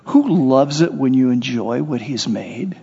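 A man preaching a sermon, animated, acting out little scenes and voices as he goes. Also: mid-range voice, a little slow, vocal fry, breathy edge. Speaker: pastor. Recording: muffled sound with long hall reverb.

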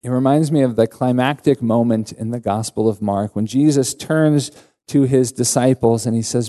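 A male pastor delivering an earnest sermon with emphatic rises in pitch. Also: moderate pace, dark tone.

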